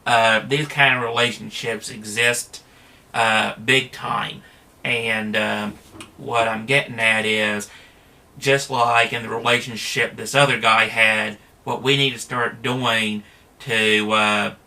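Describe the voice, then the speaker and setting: A man's voice: fairly low pitch, fairly even intonation, takes it slowly, pushed and bright. A man talking in a casual, rambling monologue, plain-spoken, with frequent fillers and restarts.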